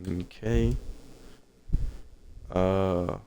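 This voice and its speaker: A man's voice: deep voice, fairly even intonation, drawn-out words, dark tone, slight background noise. A man streaming a game, casually thinking aloud about what to do next. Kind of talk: live game commentary.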